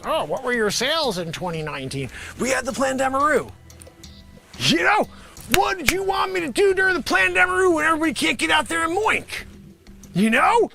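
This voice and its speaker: Animated, sarcastic man riffing a pitch. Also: creaky. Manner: sarcastic, rambling, talks to an imagined panel. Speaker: comedian performing a pitch. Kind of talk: improvised comedy monologue.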